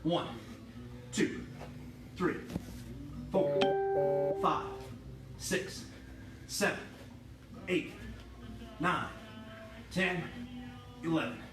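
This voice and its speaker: A man with a high voice leads a kickboxing workout class, counting out reps and joking with his students. He sounds upbeat and chatty. His voice rings through an echoey gym while faint music plays in the background. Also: drawn-out words, pauses often. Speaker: kickboxing instructor. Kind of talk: livestreamed workout class instruction. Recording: echoey room with music behind.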